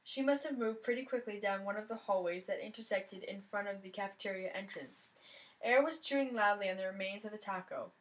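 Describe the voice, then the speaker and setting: Reading aloud from a mystery novel told in the first person, a woman brings plenty of expression to the story. Her medium-pitched voice moves fairly quickly, captured in a low-quality recording.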